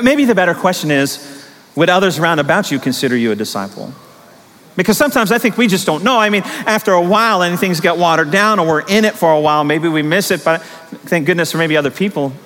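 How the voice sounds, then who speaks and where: A middle-aged male pastor delivers a sermon in a fairly high voice, moving from a relaxed storytelling tone into emphatic, climbing peaks. The sound carries a long reverb, as in a large sanctuary. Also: brisk. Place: church sanctuary.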